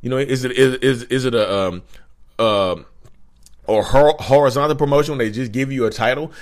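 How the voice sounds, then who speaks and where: A man hosting a casual advice vlog, talking straight to viewers, animated and repetitive. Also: mid-range voice, moderate pace. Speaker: channel host.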